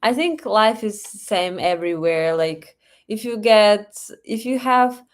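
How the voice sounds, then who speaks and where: A woman's voice: medium pitch, animated, slow pace. A young woman from Russia with a Russian accent, hosting a casual live stream from home, chatting and reading comments with frequent laughs and fillers. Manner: chatty, laughs often, thinks aloud with fillers. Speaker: livestream host. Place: home in Moscow.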